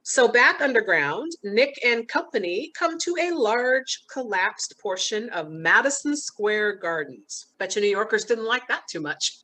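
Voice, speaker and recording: A woman's voice: medium pitch, bright, forceful tone. A woman hosting a podcast, chattily recapping a movie scene by scene and laughing at the funny bits. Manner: chatty, recounts scenes with laughs and quoted lines. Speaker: podcast host. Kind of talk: casual movie recap chat.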